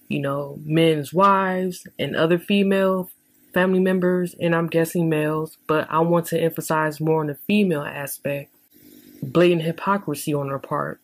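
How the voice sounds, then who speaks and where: A woman giving critical vlog commentary in a measured, deliberate and halting way. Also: low-pitched, dry recording, low-quality recording. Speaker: YouTube commentator.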